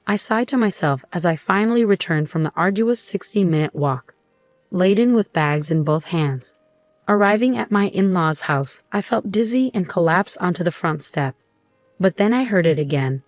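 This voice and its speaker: Woman narrator, steady storytelling, lowish voice, dry, soft music underneath. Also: moderate pace, no echo. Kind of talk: scripted first-person storytelling.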